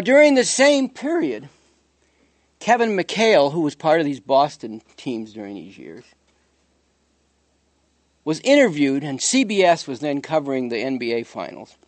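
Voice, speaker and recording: A man's voice: a little high, sing-song, a little slow, pauses often, no room sound. A man giving a spoken commentary monologue in a sardonic, digressive storytelling manner.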